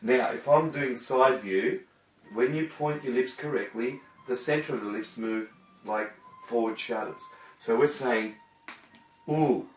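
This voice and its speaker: A man's voice: mid-range voice, a little slow. A man teaching singing, demonstrating vowels and coaching a student. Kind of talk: vocal lesson. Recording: echoey room, voice from a distance.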